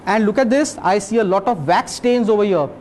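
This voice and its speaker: A man voicing a shrewd male detective who lays out his deductions slowly and calmly, in much his own voice. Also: high-pitched, slight background noise, close to an everyday voice. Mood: explaining. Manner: slow, deliberate explaining.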